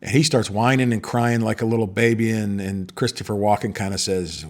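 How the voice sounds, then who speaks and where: A man's voice: fairly low pitch, fairly even intonation, a little fast, few pauses. A middle-aged man hosting a podcast, talking in a rambling monologue with many restarts. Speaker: podcast host. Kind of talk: casual monologue.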